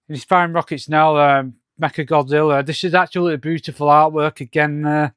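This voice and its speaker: A man's voice: on the high side, level tone, a little fast, few pauses, a bit bright, smooth, dry recording, studio quality. A man casually reviewing a comic, hesitating with lots of ums and restarts. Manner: hesitant, many fillers and restarts.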